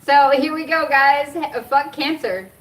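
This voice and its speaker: Middle-aged woman vlogger, rambling and emotional, laughs a lot, high voice, distant outdoor camera mic. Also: unhurried, fairly bright tone, slight background noise. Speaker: cannabis and cancer vlogger. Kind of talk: rambling personal storytelling. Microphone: camera set up nearby.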